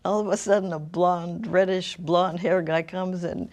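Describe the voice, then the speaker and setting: A woman's voice: on the low side, fairly even intonation, a little slow, a little mellow. A middle-aged woman telling her personal story as an interview guest, thoughtful and searching for words.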